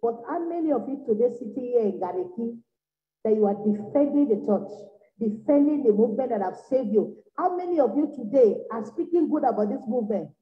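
High-voiced woman preaching revival. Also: expressive, a little fast. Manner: exhorting, repetitive, swinging from soft to loud bursts. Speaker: evangelist preacher. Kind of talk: revival sermon. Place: church meeting room. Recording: echoey, dull lo-fi room recording.

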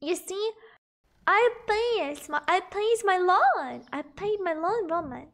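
Very high-voiced bubbly young woman streamer. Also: lively intonation, slow pace, fairly bright tone. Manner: bubbly, giggly, greets chat and reads numbers aloud. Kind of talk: casual live-stream chat while gaming.

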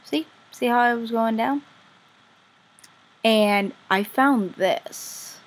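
A woman commenting casually on her own game play as a vlogger, chatty and easily excited, gushing over what she finds. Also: on the high side, very slow. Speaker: gaming vlogger.

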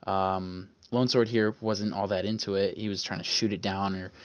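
A young man co-hosting a casual podcast, joking loudly and swearing freely. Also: sits low, steady tone, moderate pace, no room sound. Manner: joking, loud, swears freely, puts on a radio host voice. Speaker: podcast co-host. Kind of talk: casual chat.

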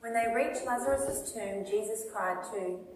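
A woman reading a children's Bible story in a church, in an animated way and putting questions to her listeners. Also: on the high side, a little slow, heavy background noise. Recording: echoey church from far off.

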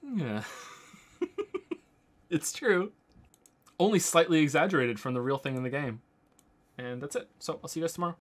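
A man streaming a game and commenting casually, rambling into excited asides and swearing freely. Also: a little high, moderate pace, pauses often. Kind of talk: casual live gameplay commentary.

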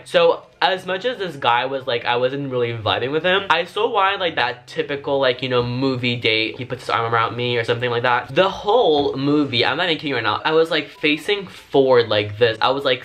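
A man's voice: medium pitch, sharp tone. A man telling a story to his vlog audience in a casual, chatty way, full of fillers and frank swearing.

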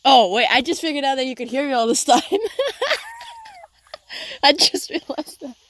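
A woman hosting a casual gaming voice chat, playful and teasing, with drawn-out mock-soothing asides. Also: sits high, fairly bright tone, no echo. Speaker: gaming channel host.

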